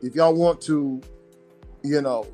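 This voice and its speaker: A man's voice: a little high, takes it slowly, dark tone, faint music behind. A man chatting on a stream, stumbling and repeating words as he paraphrases a quote. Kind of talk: casual chat.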